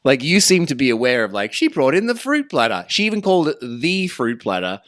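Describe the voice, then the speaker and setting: A man's voice: mid-range voice, big pitch swings, brisk, a bit bright, no room sound, studio quality. A man hosting a podcast, chatting casually and playfully, laughing often. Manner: playful, laughing, does silly voices. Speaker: podcast host.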